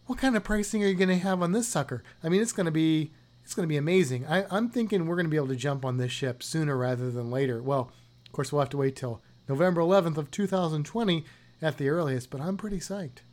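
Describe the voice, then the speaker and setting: A man's voice: a little high, fast, darkish tone. A man co-hosting a podcast, talking in a chatty, rambling, joking way. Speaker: podcast co-host. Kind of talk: casual podcast chat.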